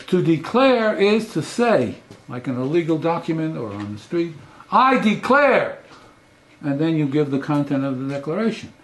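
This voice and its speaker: A man's voice: a little high, a little hiss or hum. An older man, a professor giving a lecture, emphatic and full of rhetorical questions. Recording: roomy echo.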